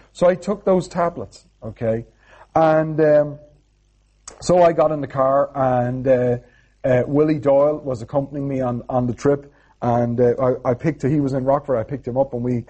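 A man's voice: mid-range voice, fairly even intonation, normal speed, mellow, slightly rough, lo-fi sound. A man preaching a sermon, telling a personal story in a chatty way and often checking in with "okay?". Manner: chatty, keeps adding "okay?".

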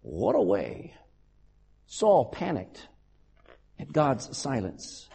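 A man preaching a sermon as a pastor, animated and acting out quotes dramatically. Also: fairly high pitch, vocal fry, slightly rough.

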